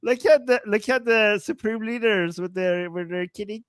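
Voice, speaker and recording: A man's voice: sits high, moderate pace, dry recording, clean studio sound. A man co-hosting a casual commentary chat, amused and playful, laughing often. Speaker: co-host.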